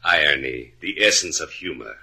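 Cool mocking villain, very deep and husky, lots of pitch movement; old radio play. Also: male voice, animated, normal speed, bright, forceful tone, exaggerated voice. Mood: menacing. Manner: smooth, sardonic. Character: suave menacing villain, mocking and cold. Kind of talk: 1950s radio drama acting.

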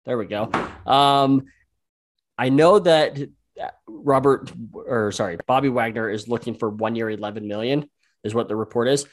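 A man co-hosts a casual sports podcast, speaking in an easygoing way and leaning on fillers like "um" and "like". His voice is mid-range and his pace moderate.

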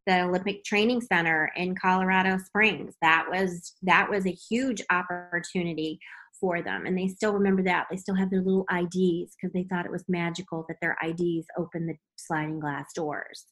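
A woman's voice: fairly low pitch, fairly even intonation, normal speed, fairly bright tone, soft background music, rough recording. A woman, a parent of young athletes, reminiscing in a casual chat and often repeating words as she starts a sentence. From Texas. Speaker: parent of water polo players.

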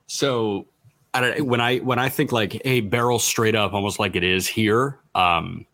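A man's voice: fairly low pitch, unhurried, dry recording. A man co-hosting a podcast, chatting casually and somewhat hesitantly while reading out stats. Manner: relaxed, hesitant, reads out stats. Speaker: podcast co-host. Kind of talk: casual analytical chat.

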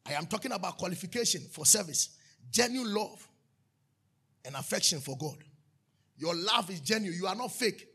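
A pastor preaches with a high, gravelly voice that has a husky edge. He bursts into shouts and then drops to hushed asides. His tone is bright and sharp throughout. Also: lively intonation, moderate pace, long pauses. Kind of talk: sermon.

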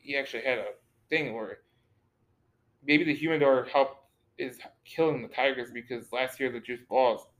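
A man's voice: mid-range voice, fairly even intonation, moderate pace, rough recording. A man co-hosting a casual sports talk show, rambling and often repeating words as he restarts his sentences. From Detroit area. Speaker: podcast co-host.

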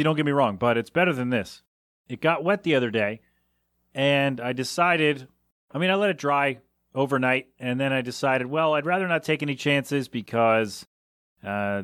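A man's voice: mid-range voice, a bit bright, dry recording, studio quality. A man hosting a solo podcast from a small windowless room, rambling in an exasperated, incredulous way. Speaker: podcast host. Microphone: home podcast mixer setup.

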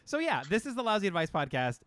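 A man's voice: high-pitched, big pitch swings, fast talker, a bit bright, no room sound. A man co-hosting a podcast in casual chat, chatty and self-mocking, laughing often. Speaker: podcast co-host.

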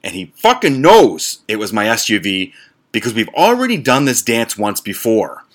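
A man's voice: on the low side, wildly swooping pitch, moderate pace. A man hosting a podcast, telling a story in a blunt, profane, exasperated rant. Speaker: podcast host.

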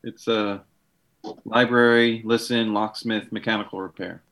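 A man's voice: fairly low pitch, little pitch movement, measured pace, a bit bright. A man playing a tabletop game, helpfully reading skills off a character sheet. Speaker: player.

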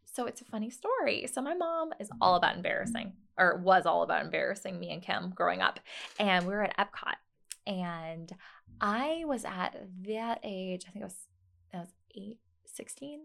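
Woman guest chatting on a show, swoopy up and down voice with some fry, laughs a lot while telling stories. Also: medium pitch, normal speed. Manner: animated storyteller, laughs often. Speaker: guest, new mother. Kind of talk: casual interview chat.

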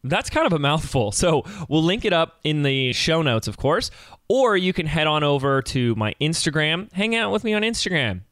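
A man in his thirties hosting a solo podcast, talking in an energetic, conversational coaching manner. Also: a little high, normal speed, dry recording, clean studio sound. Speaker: podcast host.

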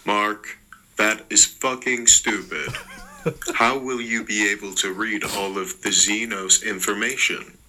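A man with an Irish accent voicing a deadpan male cyborg tech-priest who speaks flat and dry. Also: fairly low pitch, a little slow, slight background noise, heavily acted, poor audio.

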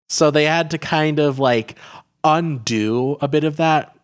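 A man's voice: on the high side, steady tone, slow pace. A man in casual conversation, talking about a film with lots of fillers and restarts. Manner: rambling, heavy on filler words and restarts. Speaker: podcast co-host reviewing a film.

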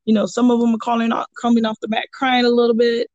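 A woman's voice: a little high, monotone, fast, darkish tone, no room sound, muffled recording. A woman who coaches jiu-jitsu chats casually on a podcast, rambling through stories with lots of fillers and restarts. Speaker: jiu-jitsu purple belt and kids' coach. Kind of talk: casual podcast chat, storytelling.

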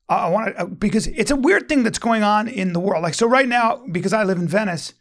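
A man's voice: high voice, gravelly. A man chatting casually, telling a rambling, profane story with lots of restarts. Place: Venice, Los Angeles resident.

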